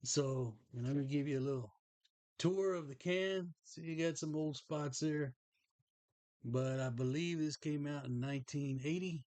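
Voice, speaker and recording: A man's voice: a little high, unhurried, darkish tone, dry recording. A middle-aged man, hosting a podcast and telling a rambling, folksy story about a collectible. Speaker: podcast host. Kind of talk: casual show-and-tell chat.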